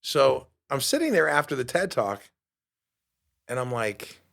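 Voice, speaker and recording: New guy on his podcast, telling a story, acts out what people said, mid-pitched voice. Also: a little slow, gravelly. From New York. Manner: animated, acts out quoted dialogue. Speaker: podcast host. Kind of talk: storytelling monologue.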